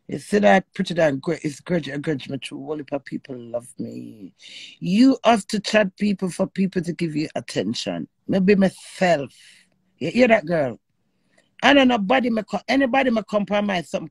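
Brief: Jamaican woman, live-stream host, fiery and emotional, rough gravelly voice, dry close sound. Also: medium pitch, no echo. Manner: animated, emotional, swears freely in patois. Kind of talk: live-stream chat with callers.

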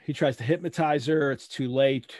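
Man, host, online book discussion, animated close reading, mid-range voice, dry sound, video call. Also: medium pitch, normal speed, no room sound.

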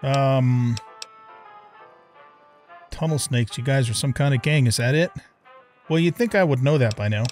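A man's voice: mid-range voice, measured pace, pauses often, darkish tone. Male gameplay streamer, hesitant, bemused commentary over game music. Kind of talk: casual let's-play commentary.

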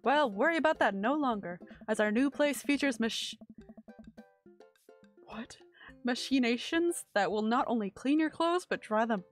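A woman's voice: fairly high pitch, lively intonation, measured pace. A woman voicing a sentimental, easygoing middle-aged single dad from a video game, reading his lines aloud in a fond, storytelling way. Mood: jokey. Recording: quiet music under the voice.

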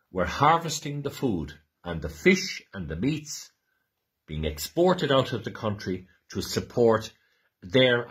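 Irish male host, fervent and emotional commemorative address, low husky voice. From Ireland. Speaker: programme host. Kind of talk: impassioned commemorative address and reading aloud.

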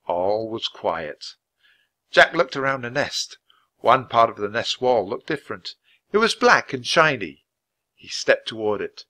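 A man reads a children's adventure story aloud with a bright, forward tone. He keeps a clear, measured pace suited to learners. His reading is lively and expressive without rushing. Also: medium pitch. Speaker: storybook reader.

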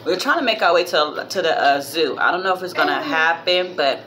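A woman's voice: deep voice, expressive, a little fast, fairly bright tone, slight background noise. A woman vlogger and mother chatting casually to her viewers, rambling and heartfelt, calling them "y'all", with a minor cough. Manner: heartfelt, religious. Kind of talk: casual chat to camera.

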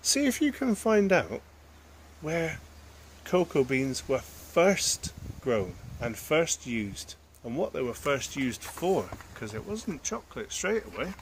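A man reads a children's picture book aloud in a lively voice that swings up and down in pitch. He breaks off for chatty asides to his young listeners. A faint hum of background noise runs underneath. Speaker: storyteller.

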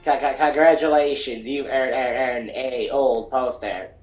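A man's voice: medium pitch, steady tone, a little slow, a little mellow, close to an everyday voice. A man voicing a curt, stuttering, glitchy prize machine. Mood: glitching. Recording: roomy, distant, faint music.

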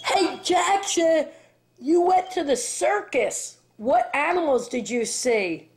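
Playful high woman doing baby talk. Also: animated, slow pace, background noise. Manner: playful, laughing baby talk with animal sounds. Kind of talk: casual home video talk to a toddler.

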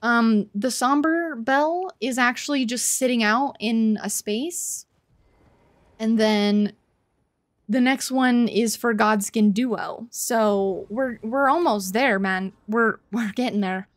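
A woman gamer streams live, swearing freely and shrieking when she wins. Her voice sits a bit high, and she sounds slightly out of breath. The sound is close and dry, with no room around it. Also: slow pace, no room sound. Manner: excitable, swears a lot, shouts and squeals in wins. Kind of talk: live gameplay commentary.

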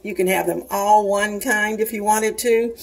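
A woman in her sixties speaks unhurriedly with a steady tone, medium pitch, and vocal fry as she hosts a casual cooking demonstration from her home kitchen, chatting to viewers in a homey way. The recording is rough.

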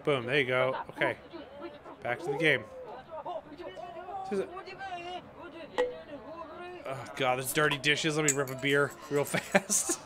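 A man's voice: medium pitch, steady tone, a little slow, pauses often, a crowd in the background. A man hosting a gaming channel, chatting in a bemused way to himself as he plays a game. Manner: chatty, bemused, talking to himself while playing. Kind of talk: let's play commentary.

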